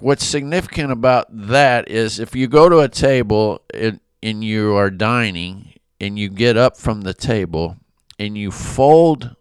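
A man's voice: mid-range voice, clean tone, dry recording, studio quality. Eager man leading a Bible study. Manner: enthusiastic, conversational. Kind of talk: casual devotional teaching.

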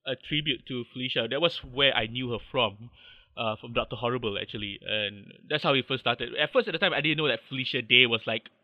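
Malaysian-accented podcast guest, hesitant storyteller, dry slightly muffled line. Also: male voice, medium pitch, brisk, no echo. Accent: Malaysian English. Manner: rambling, hesitant with many restarts. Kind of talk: casual interview chat.

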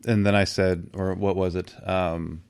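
Man, very low voice, reflective and hesitant, dry close recording. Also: little pitch movement, unhurried, a little mellow, smooth, no echo. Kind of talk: casual chat.

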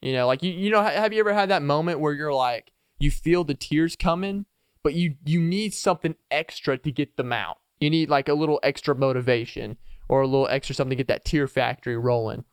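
A man's voice: fairly high pitch, brisk, clean tone, no echo, studio quality. Playful rambling male podcast host. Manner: rambling, playful, chuckles a lot. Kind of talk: casual solo podcast chat.

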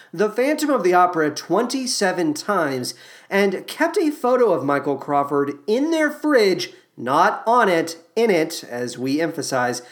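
Comedic podcast host, female: lower voice, very animated, sarcastic and profane. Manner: sarcastic, exaggerated asides, profane. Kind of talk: comedic movie commentary.

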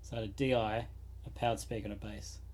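A man's voice: lowish voice, flat delivery, fast, darkish tone. A man co-hosting a casual chat, laid-back, often trailing off and laughing. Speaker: podcast co-host. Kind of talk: casual chat about guitar pedals.

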